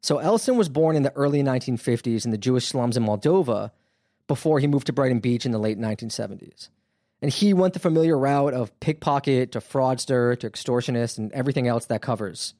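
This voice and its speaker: A man's voice: medium pitch, fairly quick, warm tone, no room sound, clean studio sound. A man hosting a podcast, telling a crime story in a casual, wry, conversational way with lots of fillers. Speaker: podcast host.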